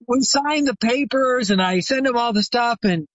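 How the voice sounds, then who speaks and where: Retired chiropractor telling an animated story. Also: male voice, very high-pitched, measured pace, no echo. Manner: animated anecdote teller, acts out quoted phone calls. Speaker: retired chiropractor, guest expert. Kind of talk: storytelling interview. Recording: dry, slightly dull sound.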